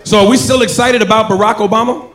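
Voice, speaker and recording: A man doing stand-up comedy in a loud, provocative, punchy manner on a club stage. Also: high-pitched, steady tone, quick pace. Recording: echoey club with crowd noise.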